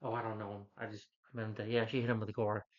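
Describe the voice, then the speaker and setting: A man's voice: fairly low pitch, level tone, very fast, highs cut off. A man who reviews movies, casually retelling a film's plot in a loose, rambling way with lots of "like" and "you know".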